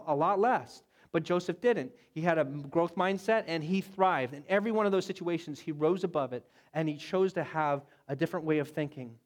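A male pastor preaches with a lively, storytelling delivery, acting out the voices of biblical figures as he goes. His voice sits fairly high for a man. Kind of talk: sermon.

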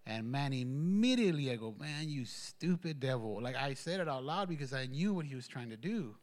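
A man shares his testimony at a church gathering in a loose, rambling way, restarting often and using plenty of fillers. He speaks briskly and expressively in a mid-range voice.

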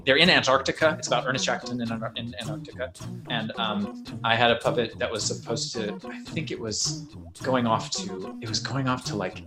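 Rambling, animated young man telling stories. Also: lowish voice. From New York State. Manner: rambling, animated storyteller with many "like"s. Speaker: puppeteer guest. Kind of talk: casual interview storytelling.

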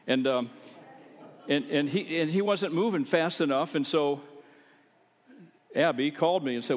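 An older man, a pastor, preaching a sermon in a relaxed, conversational storytelling manner with asides. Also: medium pitch, moderate pace, in a large hall.

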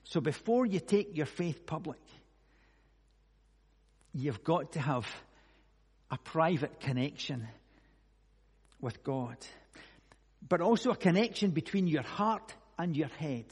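A man preaching a conversational sermon, musing aloud with many rhetorical questions and moving between hushed and loud delivery. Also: a little high, lively intonation, takes it slowly, pauses often, breathy edge. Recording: long echoey hall reverb.

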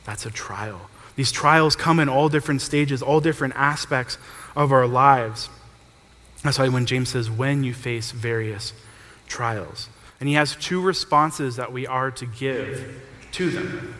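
Young guy preaching a sermon, mid pitch, chatty, echoey church hall. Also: a little slow, bright, forceful tone. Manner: conversational, uses everyday examples. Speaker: pastor. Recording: reverberant hall.

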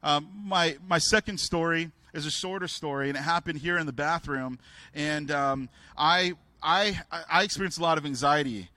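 A man preaching a sermon through personal stories. He talks candidly and haltingly, with many restarts, and raises his voice to act out the people in his stories. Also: on the high side, pushed and bright, dry recording.

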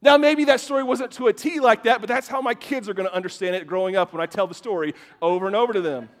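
A man with a notably high voice preaches to his congregation, mixing scripture with personal anecdotes. He speaks in an animated way, often doubling the first word of a phrase. The sound carries a long, echoing reverb from the church hall around him. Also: fast. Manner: animated, repeats words at the start of phrases. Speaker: pastor. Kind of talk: sermon with personal storytelling.

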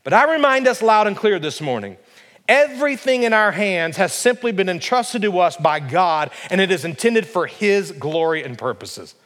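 A man's voice: sits high, big pitch swings, normal speed, a bit bright. A man preaching a sermon to his congregation, emphatic and full of rhetorical questions. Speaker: pastor. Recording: long reverb of a large hall.

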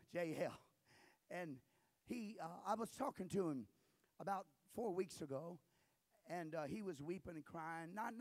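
A man preaching a sermon, moving between quiet storytelling and loud, shouted exhortation. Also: fairly high pitch. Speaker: pastor.

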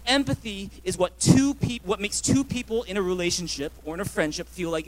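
A man's voice: high-pitched, fairly quick, few pauses. A man, a pastor, preaching a sermon, telling stories with acted-out dialogue and asking the congregation to answer.

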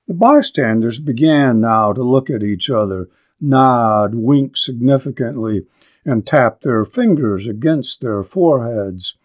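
A man lecturing on literature, reading a classic story aloud slowly and deliberately, then commenting on it. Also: medium pitch, lively intonation.

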